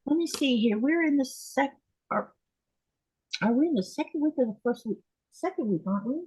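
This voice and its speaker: A woman's voice: high-pitched, animated, normal speed, a little mellow, breathy edge, no room sound, poor audio. A woman hosting a casual chat from her home sewing desk, talking in a rambling way with restarts and laughs. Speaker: host.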